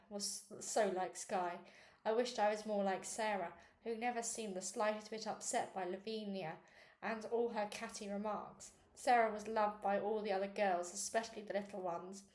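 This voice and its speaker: A woman reading a children's novel aloud, with small slips and restarts, raising her pitch for the girls' quoted lines. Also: darkish tone. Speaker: reader. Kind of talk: read-aloud book narration. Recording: echoey room with faint noise.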